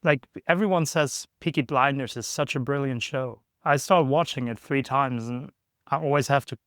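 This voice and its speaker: A man's voice: mid-range voice, normal speed, a bit bright, dry recording, studio quality. A man hosting a podcast who chats casually, teasing his guest in short replies. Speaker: podcast host. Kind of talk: casual conversation. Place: backpacker hostel.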